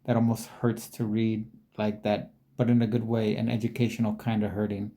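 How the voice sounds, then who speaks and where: A man's voice: fairly low pitch, flat delivery, brisk, few pauses, warm tone. Rambling man reading screen text aloud. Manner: rambling, musing, repeats words aloud. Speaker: video creator. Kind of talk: casual commentary while reading on screen.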